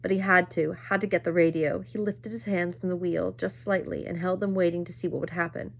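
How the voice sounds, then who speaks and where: A woman reading a novel aloud at a measured pace, with occasional small slips. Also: on the low side, steady tone, vocal fry. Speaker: reader.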